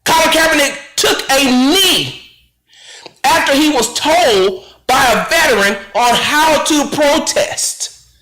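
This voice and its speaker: A man's voice: very high voice, bright, forceful tone, echoey room, rough recording. A male radio host giving an impassioned commentary, fiery and rhetorical, repeating phrases for emphasis. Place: radio studio.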